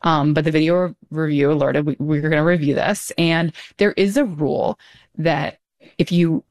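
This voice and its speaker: A woman's voice: low-pitched, steady tone, normal speed, a little mellow. A woman talking as a guest in casual conversation, explaining things thoughtfully with many ums and light laughter. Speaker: guest commentator.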